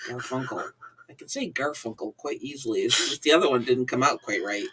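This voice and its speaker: A woman's voice: very deep voice, fairly quick, a bit bright, breathy edge. A woman with a Midwestern American accent, co-hosting a casual chat, teasing and reading out comments. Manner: chatty, teasing, reads viewer comments aloud. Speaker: co-host. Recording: voice a bit far from the mic.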